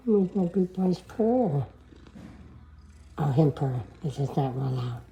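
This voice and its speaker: A woman's voice: sits low, lively intonation, slow pace, mellow, dull audio. A woman at home talking baby talk to her cats, cooing in a sing-song voice full of pet names. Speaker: cat owner filming her pets. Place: home indoors.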